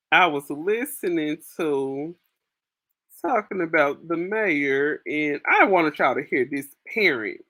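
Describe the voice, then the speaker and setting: A young woman hosts a relaxed livestream, talking straight to her viewers with slangy asides and frequent laughter. Her voice sits fairly low but swings widely in pitch, and she takes her time. The sound is dry and close, with no room echo. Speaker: livestream host. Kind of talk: casual live chat reading viewer comments. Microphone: phone.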